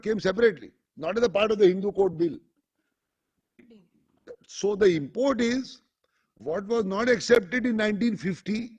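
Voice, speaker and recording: A lawyer with an Indian English accent pleads his case before the bench, dropping a deferential "my lord" into almost every sentence. His voice sits high for a man and has a husky, grainy edge. He moves between his own argument and passages he reads aloud from a judgment. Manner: formal, addresses the bench as "my lord" constantly. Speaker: lawyer arguing before a court. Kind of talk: courtroom argument.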